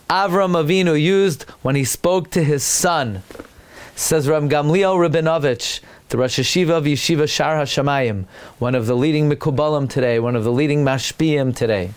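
A man giving a sermon with animated storytelling and rhetorical questions, sprinkling in Hebrew terms. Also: fairly high pitch, clear, resonant tone. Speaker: religious teacher.

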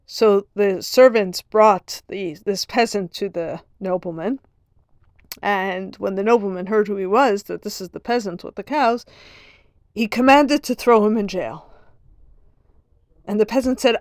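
A woman's voice: mid-range voice, moderate pace, no echo, clean studio sound. A woman giving an earnest religious lesson, telling a parable in a storytelling manner. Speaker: Torah teacher.

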